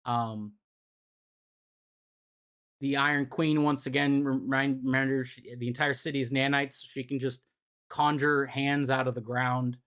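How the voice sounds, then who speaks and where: A man's voice: mid-range voice, little pitch movement, unhurried, long pauses, a bit bright, clean tone. A young adult man recapping comic books in a loose, profane, filler-heavy way as a streamer. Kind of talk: casual chat.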